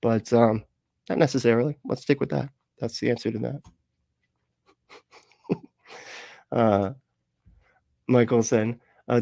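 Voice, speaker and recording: A man's voice: mid-range voice, steady tone, takes it slowly, creaky, long pauses, warm tone, dry recording. Rambling Southern US man on a dry mic. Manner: rambling, laughs often, swears freely. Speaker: livestream host. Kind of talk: casual livestream chat, reading comments.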